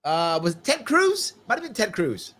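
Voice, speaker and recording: Upbeat guy hosting a live stream, reading chat out, voice sits a bit high and bounces around a lot. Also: wildly swooping pitch, moderate pace, fairly bright tone. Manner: chatty, upbeat, repeats himself. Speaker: host.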